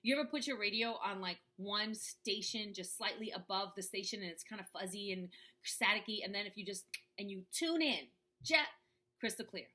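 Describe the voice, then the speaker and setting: Bright-voiced woman chatting to camera. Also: medium pitch, lively intonation, normal speed. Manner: conversational, often asks "right?". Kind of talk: casual talk to camera.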